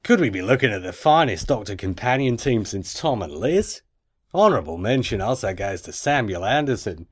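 A man's voice: on the low side, sing-song, normal speed, husky. A man putting on a broad, exaggerated Australian voice to read a listener's email. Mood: mock. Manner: exaggerated, wobbly put-on accent.

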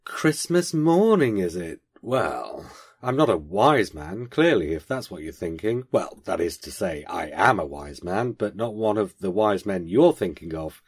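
A man reading aloud, putting on an eccentric, posh male stranger who rattles off rapid, clipped questions and answers them himself. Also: deep voice, big pitch swings, husky, heavily acted. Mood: quizzical.

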